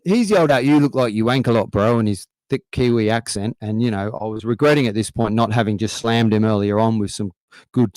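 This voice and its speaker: A man's voice: fairly low pitch, a little mellow, no room sound. A young adult Australian man doing a rambling, swearing stand-up set over a livestream. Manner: swearing, rambling, conversational storytelling. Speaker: stand-up comedian.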